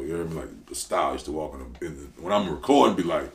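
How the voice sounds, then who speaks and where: Very deep-voiced New man, roomy. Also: fast talker, vocal fry, hardly any pauses, slight background noise. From New Orleans. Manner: animated, slangy, loud bursts when telling stories. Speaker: podcast guest, rapper. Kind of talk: casual storytelling interview. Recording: roomy echo.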